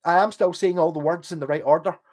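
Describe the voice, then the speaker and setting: Talking fast in a slightly high, somewhat mellow voice with fairly even intonation, this Scottish man hosts a livestream. He has a posh Glasgow accent, curses casually, and drifts chattily between stories.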